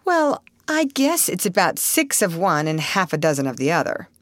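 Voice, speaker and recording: Good-humored young girl, read by a woman, light and quick, dry sound. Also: lowish voice, sing-song, dry recording. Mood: wry.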